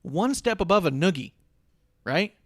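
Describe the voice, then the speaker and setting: A man's voice: high-pitched, very animated, unhurried, dry recording, clean studio sound. A man co-hosting a podcast, chatting casually about wrestling in rambling, joking, profane banter. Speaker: podcast co-host. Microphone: podcast microphone.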